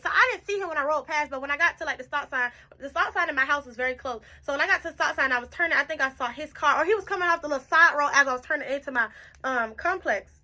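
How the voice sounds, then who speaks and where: A woman's voice: sits high, pushed and bright. A tipsy young woman telling a storytime in casual, profane chat, jumping around as she goes. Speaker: storytime vlogger.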